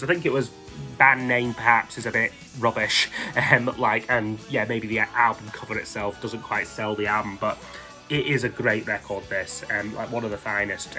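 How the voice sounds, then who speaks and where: A man's voice: on the low side, bright, forceful tone. A man casually talking through his favourite albums, rambling and enthusiastic, with lots of "like" and "um". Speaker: music vlogger ranking albums. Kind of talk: casual spoken album countdown.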